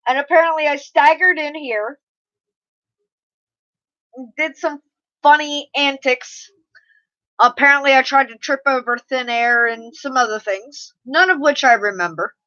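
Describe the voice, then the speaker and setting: A woman's voice: high voice, bright, forceful tone. A middle-aged woman, chatting casually on a live stream, laughing often and swearing freely. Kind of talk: casual chat reading live comments. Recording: slightly muffled lo-fi mic audio.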